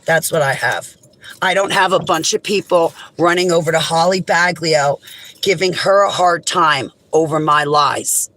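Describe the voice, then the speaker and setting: A woman's voice: low voice, a little slow, fairly bright tone, no room sound, poor audio. Impassioned woman venting to camera. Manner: impassioned, indignant, emphatic. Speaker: vlogger. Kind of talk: direct-to-camera monologue.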